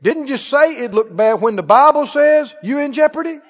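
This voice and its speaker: A man's voice: extremely high pitch, expressive, normal speed. A man preaching a sermon, asking playful rhetorical questions with emphatic delivery. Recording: echoey hall, dull sound.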